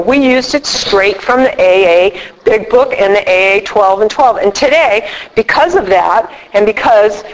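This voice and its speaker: A middle-aged woman leads a recovery workshop, talking to a room of attendees. She tells her story with animation and acts out each voice in her conversations. Her voice sits a little high and carries a long reverb from the hall. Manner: animated storyteller acting out dialogue. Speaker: workshop speaker.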